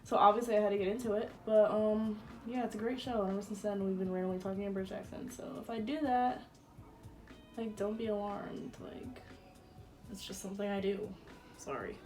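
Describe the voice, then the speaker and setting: Her voice sits in the mid range with a darkish tone as this twenty-something beauty vlogger does her makeup at home. The get-ready-with-me chat is casual, chatty and crude, packed with "like" fillers.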